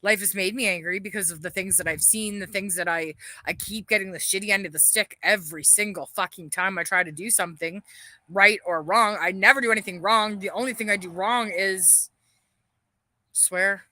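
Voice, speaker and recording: A woman's voice: mid-range voice, moderate pace, bright, forceful tone. A woman ranting bitterly on a livestream, swearing heavily and airing her grievances. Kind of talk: angry livestream rant.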